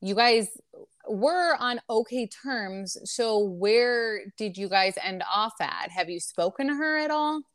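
A woman's voice: a little high, animated, takes it slowly, no echo, clean studio sound. A woman interviewing a guest, asking questions and chiming in with supportive agreement.

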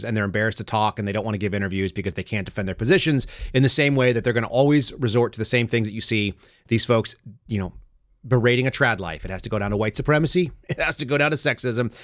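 A man hosting his podcast, talking fast and casually and laughing now and then at his own stories. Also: mid-range voice, dry recording, studio quality. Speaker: podcast host. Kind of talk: casual talk show monologue. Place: studio.

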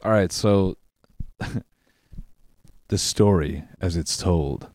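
A man's voice: sits low, drawn-out words, darkish tone, dry recording. A young man reading a story aloud in a casual podcast chat, laughing and swearing as he goes.

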